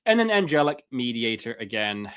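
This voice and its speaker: A man's voice: mid-range voice, sing-song, moderate pace, fairly bright tone, clear, resonant tone. A man giving a live-stream lecture in an impassioned, sarcastic way, with many fillers and restarts.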